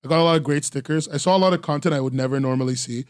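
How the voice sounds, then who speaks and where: A man's voice: on the high side, rapid-fire, smooth, no room sound, clean studio sound. A man hosting a webcomics podcast, chatting casually and rambling with lots of ums and laughs, tired after a long convention. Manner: rambling, self-deprecating, frequent ums and laughs. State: tired, sore from three days at a convention. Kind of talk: casual solo chat.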